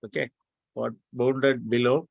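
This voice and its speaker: A man teaching an online math lecture, prodding students to answer quickly. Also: medium pitch, fairly even intonation, creaky, dry recording, phone-quality sound. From India.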